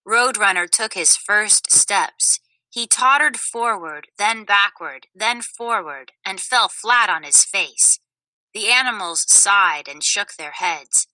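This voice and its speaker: A woman reading a children's story aloud in a clear, expressive way. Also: medium pitch, takes it slowly, no echo, rough recording. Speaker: storybook narrator.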